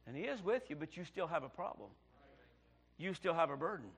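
A pastor delivering a sermon in a high, light voice. He drops to hushed storytelling, then rises into loud, pleading cries as he drives his points home. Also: very animated, brisk, creaky, husky.

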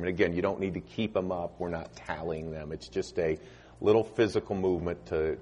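A man preaching a sermon and leading an altar invitation in a church auditorium, with dramatic pauses and phrases that sink to a near hush at their ends. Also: low voice, slightly rough. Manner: dramatic pauses, voice dropping soft at line ends. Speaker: visiting preacher.

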